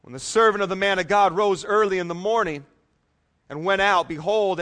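A man's voice: a little high, fairly bright tone. A male pastor preaching a sermon, reading scripture emphatically and adding casual, joking asides.

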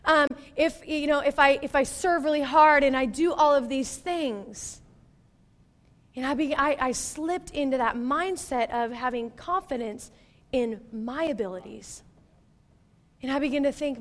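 A middle-aged woman pastor giving a sermon in a conversational, animated way, with laughs and playful asides. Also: sits high, unhurried, long reverb tail.

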